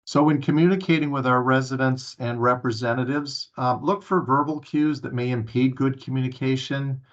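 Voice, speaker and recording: A man's voice: mid-range voice, fairly even intonation, moderate pace. A man giving a staff training presentation at a town hall meeting, earnest and full of filler sounds and restarts. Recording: muffled lo-fi recording.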